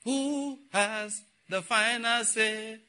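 A man's voice: high voice, drawn-out words, bright, forceful tone, faint music behind. A man preaching a sermon, telling stories and acting out the dialogue. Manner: storytelling, acting out dialogue, frequent laughter.

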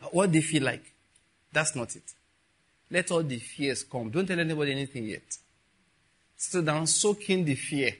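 A man preaching a sermon, telling stories with quiet asides that build to emphatic peaks. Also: a little high, breathy edge. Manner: storytelling with soft asides and rising emphatic peaks.

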